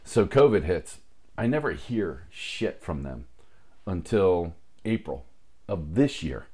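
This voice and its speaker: A man's voice: low voice, slow, slightly rough. A man in casual chat, telling a long story full of swearing and acted-out dialogue. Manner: profane, animated anecdote-telling with quoted dialogue.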